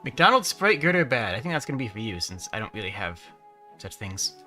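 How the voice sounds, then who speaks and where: A man's voice: on the low side, sing-song, a little fast, sharp tone, soft background music. A man chatting as a guest, rambling and restarting his sentences. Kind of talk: casual chat.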